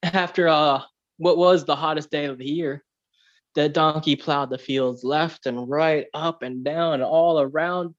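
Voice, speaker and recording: A man's voice: a little high, steady tone, measured pace, lo-fi sound. A man on a podcast, chatting loosely and telling a fable, with plenty of "like" and "you know". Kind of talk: casual chat, storytelling.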